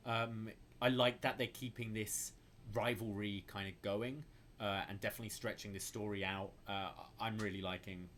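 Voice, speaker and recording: A man co-hosting a podcast, giving relaxed, opinionated takes with frequent fillers. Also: lowish voice, moderate pace, slight background noise. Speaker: podcast co-host. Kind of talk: casual wrestling discussion.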